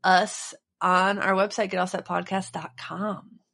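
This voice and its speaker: A woman co-hosting a podcast in casual chat, wry and deadpan as she teases. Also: fairly low pitch, unhurried, vocal fry. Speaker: podcast co-host.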